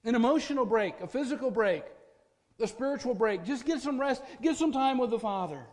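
A pastor delivers an earnest sermon in a fairly high voice for a man, stacking up parallel phrases for emphasis. His voice rings out with a long reverb, as in a big church hall. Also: lively intonation, a little fast, a little mellow.

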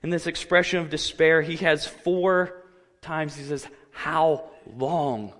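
A man preaching a sermon, earnest and measured, his voice rising when he quotes cries of anguish. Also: on the high side, a bit bright, in a large hall. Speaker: pastor.

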